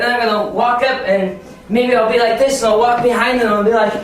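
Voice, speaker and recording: Animated man training teachers in an echoey room. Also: very high-pitched, fast talker. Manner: animated, acts out classroom scenes. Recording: echoey room, distant mic, faint noise.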